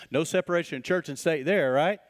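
A male pastor preaching a lively, joking sermon and reading scripture aloud. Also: on the high side, fairly quick, big-room sound. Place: church sanctuary.

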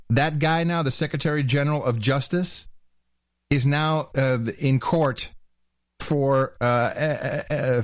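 Halting man in casual podcast banter. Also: medium pitch, no room sound, studio quality. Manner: halting, with many uhs and laughs. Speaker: podcast co-host.

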